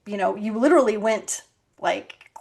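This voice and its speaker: With a medium-pitched, gravelly voice that has a breathy edge, this podcast host talks at an ordinary speed. Her casual chat is full of lively stories in which she performs the quoted lines and laughs frequently.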